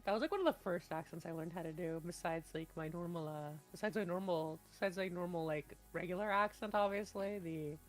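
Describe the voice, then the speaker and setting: Speaking briskly with hardly any pauses, a woman with a lowish voice serves as game master for a tabletop game. Her casual voice-call chat rambles, restarts often, and erupts into loud laughter, all over soft background music.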